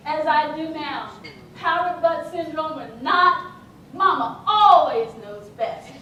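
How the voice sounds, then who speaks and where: A woman's voice: high-pitched, slow, noisy background. A woman giving a humorous contest speech, telling a wry, self-mocking family story. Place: large hall with audience. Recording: echoey hall, far from the mic, audience.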